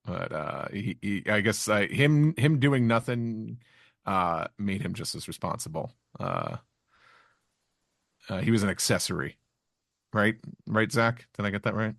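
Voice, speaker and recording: A man co-hosting a podcast, recapping a comic chapter in halting casual chat full of fillers. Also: fairly low pitch, big pitch swings, creaky, a bit bright, no room sound, studio quality. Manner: halting, with many fillers and restarts. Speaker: podcast co-host.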